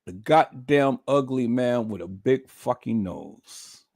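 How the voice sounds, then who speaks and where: A man's voice: mid-range voice, lively intonation, takes it slowly, a little mellow, no echo, clean studio sound. A man ranting on a livestream, profane, mocking and repetitive. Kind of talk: livestream rant.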